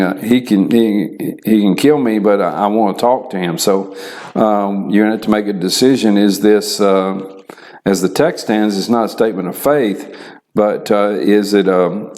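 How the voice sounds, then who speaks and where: A man's voice: fairly low pitch, darkish tone. A middle-aged man giving a recorded university lecture. He reads scripture aloud and then explains it, with many fillers and repeated words. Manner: slow, halting delivery with frequent repeated words and fillers.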